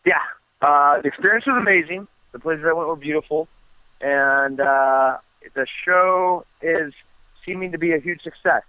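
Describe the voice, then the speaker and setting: An American guest fighter is interviewed over a tinny phone line, telling stories in a relaxed way full of ums and restarts. His voice is fairly high and moderately paced, and the recording is dry.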